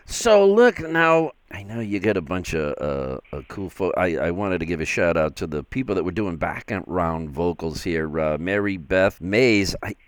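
A man's voice: deep voice, moderate pace, few pauses, clear, resonant tone, dry recording. An older man with a Boston accent hosting a radio interview, chatty and jokey, rambling in a casual way. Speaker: radio show host.

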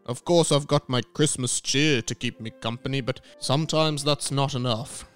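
A man's voice: mid-range voice, normal speed, smooth, soft background music, close to an everyday voice. A man voicing a smug, callous old Santa Claus in an improvised comedy sketch. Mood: wistful. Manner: self-satisfied, dismissive, snaps insults.

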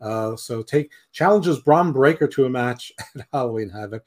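A man's voice: medium pitch, animated, normal speed, a little mellow. A man co-hosting a podcast in casual chat, opinionated and rambling, often trailing off. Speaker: podcast co-host.

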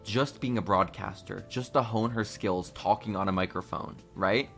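This is a man on a casual wrestling podcast, bright and punchy in tone. He teases his co-host and breaks into mocking impressions. Faint music sits behind him. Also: lowish voice, normal speed, gravelly. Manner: joking, teasing, mocks promos in put-on voices.

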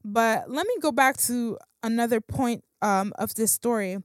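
A woman's voice: fairly high pitch, moderate pace, no echo, studio quality. Slangy woman giving a casual Bible talk. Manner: conversational, slangy, many fillers and restarts. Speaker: Bible teacher.

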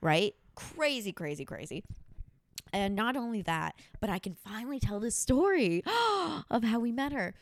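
A woman hosting a casual podcast, telling a story in a blunt, profane, animated way. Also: medium pitch, normal speed, no room sound. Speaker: podcast host.

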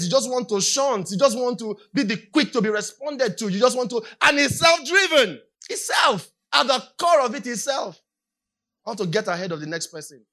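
A Nigerian woman with a Nigerian accent preaching a sermon, repeating her points and building up to shouts. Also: fairly high pitch.

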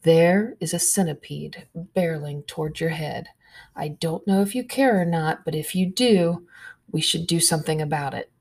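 A woman voicing her calm, matter-of-fact friend, who whispers in the dark. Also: deep voice, normal speed, creaky.

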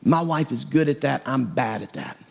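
A man's voice: medium pitch, sing-song, moderate pace, vocal fry, a little mellow, slightly rough. A middle-aged male pastor preaching a sermon in a conversational, self-deprecating way.

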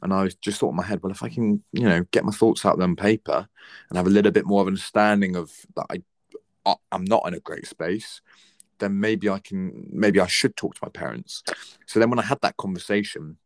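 A man's voice: sits low, brisk, no room sound, studio quality. A young man in his twenties talking earnestly and reflectively, giving heartfelt advice in a casual conversation.

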